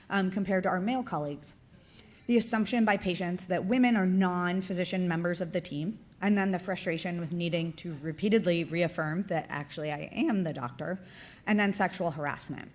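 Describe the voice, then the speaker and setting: A woman presenting at a conference, her voice sitting a little low for a woman. She talks through her slides in a loose, conversational way, tossing in "right?" and "like" as she goes. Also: brisk, a little mellow. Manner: conversational, frequent "right?" and "like" fillers. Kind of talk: academic conference talk.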